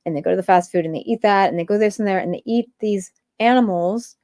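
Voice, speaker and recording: A woman's voice: medium pitch, fast talker, warm tone, no echo, studio quality. A woman hosting a livestream, ranting in a rambling stream-of-consciousness way with many filler words. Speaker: livestream host.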